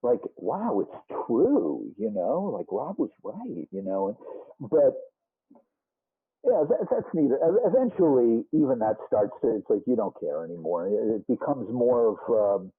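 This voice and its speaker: A man in his sixties with a Boston accent tells rambling rock-and-roll stories in a lively voice that swoops up and down. His voice is slightly husky and sounds squeezed and narrow, like a phone line. He keeps restarting sentences and throwing in asides. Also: mid-range voice, a little slow. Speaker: musician interview guest. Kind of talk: casual storytelling interview. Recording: muffled phone-like band.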